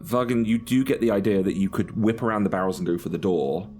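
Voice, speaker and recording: A man narrating a tabletop role-playing game as game master in a relaxed, descriptive way. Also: on the low side, fast, soft background music.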